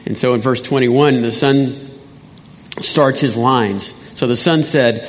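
A man delivering a sermon in a church hall, reading scripture with lively emphasis. His voice sits at a middle pitch and rings out with a long hall reverb. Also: takes it slowly. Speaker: pastor. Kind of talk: sermon with testimony interview.

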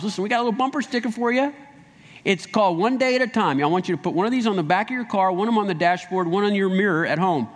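A pastor preaching with a fairly high, bright voice that carries through a big hall with a long echo. He tells the story with animation, slipping into the voices of the people in it. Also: animated, quick pace. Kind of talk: sermon.

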